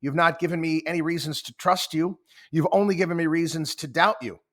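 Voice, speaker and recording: A man's voice: medium pitch, lively intonation, a little fast, pushed and bright. A man voicing an insistent AI chatbot that grows stiff, self-assured and scolding. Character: insistent, prickly AI chatbot, male-voiced.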